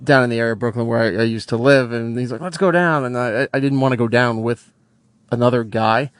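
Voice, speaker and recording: A man and radio show regular, telling an embarrassing story in a hesitant, halting way. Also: medium pitch, dry recording, clean studio sound. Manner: hesitant, halting, lots of restarts.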